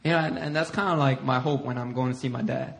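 A middle-aged male pastor preaching a sermon. He tells stories against himself in an animated way and acts out what other people said. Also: mid-range voice, quick pace, vocal fry. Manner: animated self-deprecating storytelling, acting out others' lines. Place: church sanctuary.

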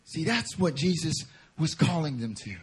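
Male preacher, high husky voice, fervent sermon delivery that swells into passionate appeals. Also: very animated, moderate pace. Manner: builds from quiet teaching to fervent, rising preaching. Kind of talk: sermon at a prayer meeting.

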